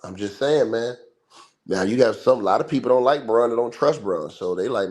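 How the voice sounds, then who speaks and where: A man's voice: medium pitch, brisk, a little mellow. A man hosting a livestream, giving casual sports commentary in an emphatic, slangy, repetitive way. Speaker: livestream host. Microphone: livestream mic.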